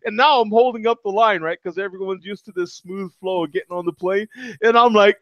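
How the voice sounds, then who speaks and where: A middle-aged man telling a story in casual chat. He is animated, laughs a lot and keeps asking "you know what I'm saying" over a video call. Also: sits high, brisk, dry recording. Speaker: regular panelist. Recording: dull lo-fi video call audio.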